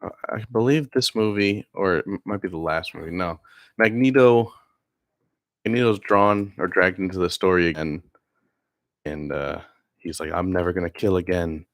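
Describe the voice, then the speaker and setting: Really deep-voiced guy on a podcast, laid back, dry sound. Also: moderate pace, pauses often, fairly bright tone, dry recording. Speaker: podcast co-host. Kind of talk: casual chat.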